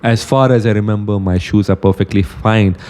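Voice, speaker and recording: A man's voice: fairly low pitch, steady tone, normal speed, darkish tone, big-room sound, close to an everyday voice. A man with an Indian accent voicing a confused Indian businessman who politely protests that he does not need anything. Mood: protesting. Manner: puzzled, protesting.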